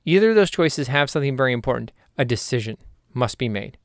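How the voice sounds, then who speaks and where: Animated, rambling man host. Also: medium pitch, fast talker, no echo, studio quality. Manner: animated, jokey, rambling, talks to himself. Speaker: podcast host and hypnotherapist. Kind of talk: casual solo monologue.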